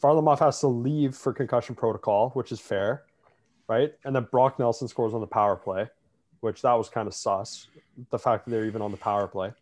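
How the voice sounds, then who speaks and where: A man's voice: medium pitch, fairly even intonation, brisk, darkish tone. A man in casual sports chat, co-hosting and ranting with lots of filler words.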